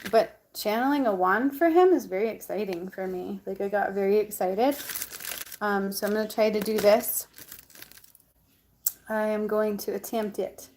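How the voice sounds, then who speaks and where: A woman's voice: mid-range voice, fairly even intonation, normal speed, darkish tone, a little hiss or hum. Bubbly chatty woman vlogger. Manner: bubbly, chatty, lots of ums and likes. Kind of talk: casual chat to camera.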